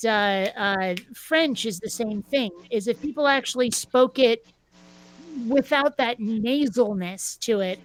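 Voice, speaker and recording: A woman hosting a casual group chat, opinionated and halting, often restarting her sentences. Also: a little high, no echo. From United States. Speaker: podcast host.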